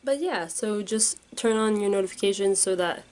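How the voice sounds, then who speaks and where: A woman's voice: mid-range voice, moderate pace, darkish tone, rough recording. A young woman vlogging casually, rambling and unsure, with many fillers. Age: young adult. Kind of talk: casual vlog.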